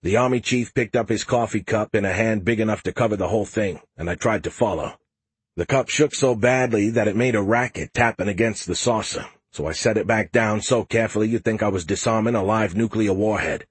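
A man's voice: lowish voice, a little fast, husky, no echo. A man reading first-person narration for an audiobook with a wry, self-deprecating manner, close to the mic.

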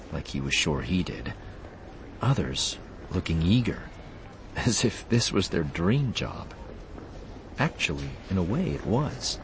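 A man's voice: low-pitched, slight background noise. A man narrating an audiobook expressively, voicing the character lines too.

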